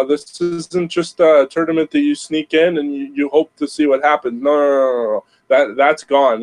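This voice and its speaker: A man's voice: mid-range voice, fairly even intonation, moderate pace, a little mellow, low-quality recording. A man hosting a sports podcast, talking emphatically and repeating words for stress. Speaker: podcast host. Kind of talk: casual sports podcast talk.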